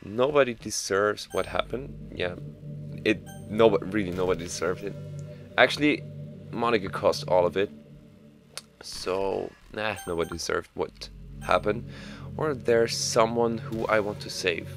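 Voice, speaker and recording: A man's voice: fairly low pitch, a little slow, fairly bright tone, soft background music. A man giving casual commentary over a game playthrough, hesitant, with many fillers and restarts. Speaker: game player.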